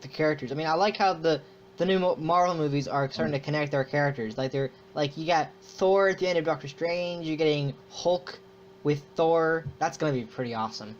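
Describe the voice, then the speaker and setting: A man's voice: a little high, fairly quick, a little hiss or hum. A man hosting a casual podcast chat, rambling with many restarts. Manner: rambling, restarts often, mock-impressions of a cocky hero. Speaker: podcast host. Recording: muffled lo-fi recording.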